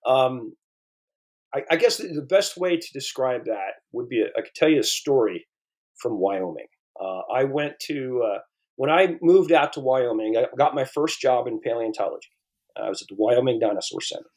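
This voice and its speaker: A man's voice: mid-range voice, expressive, moderate pace, darkish tone. A man in his fifties talks loosely as an interview guest. He often restarts sentences and fills gaps while he spins a story, and his voice sits mid-range. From eastern United States. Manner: rambling, storytelling, frequent restarts and fillers. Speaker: paleontologist guest. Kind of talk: casual interview conversation.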